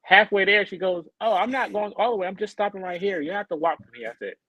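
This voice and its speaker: Lively man telling a story, dry sound. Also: high voice, fast, no room sound, poor audio. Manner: animated, acts out quoted people in a raised voice. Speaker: podcast co-host. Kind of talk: casual storytelling chat.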